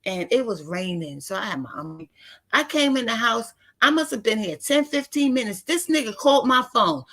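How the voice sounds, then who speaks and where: High, bright-voiced fifties woman ranting. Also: very animated, moderate pace. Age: 50s. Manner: profane, blunt and indignant. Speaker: vlogger talking to her live viewers. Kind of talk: casual ranting monologue.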